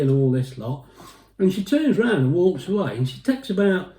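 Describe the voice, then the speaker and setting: A man's voice: sits high, sing-song, moderate pace, warm tone. A man, a vlogger chatting and telling jokes, laughing and rambling as he goes. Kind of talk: casual chat and joke telling. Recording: echoey room.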